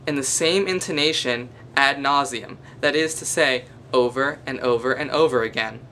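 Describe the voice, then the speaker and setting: A man's voice: medium pitch, normal speed, hardly any pauses, sharp tone, slight background noise. A young man with a nasal voice, speaking to camera in a mock-formal, pompous manner from a basement at night. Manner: pompous, long-winded formal phrasing. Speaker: vlogger. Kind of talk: mock-formal comedic monologue.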